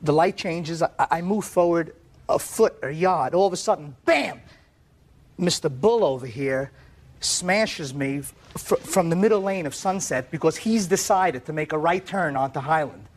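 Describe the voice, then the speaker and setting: Plaintiff, male, high voice, excitable storyteller who stumbles and repeats himself in court. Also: normal speed. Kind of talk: animated storytelling testimony.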